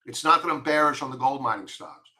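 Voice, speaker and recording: A man's voice: mid-range voice, lively intonation, fast, bright, forceful tone. A man with a Long Island accent giving blunt, emphatic stock chart commentary, repeating his warnings. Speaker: market commentator.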